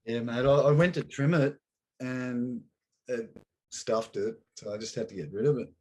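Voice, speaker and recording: Aussie guy hosting a chat, relaxed and friendly, calls everyone mate. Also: mid-range voice, moderate pace. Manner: laid-back, matey, calls guest mate and brother. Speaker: podcast host. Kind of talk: casual chat.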